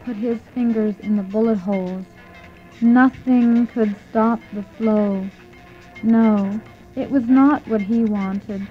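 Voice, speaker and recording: A woman reading a scripted story slowly and deliberately. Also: a little high. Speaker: narrator. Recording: muffled lo-fi with faint music.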